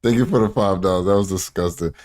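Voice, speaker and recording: A man's voice: low-pitched, fast talker, darkish tone. A man hosting a stream, commenting on clips in a chatty, profane way and laughing often. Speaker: streamer host. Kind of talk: casual commentary over clips.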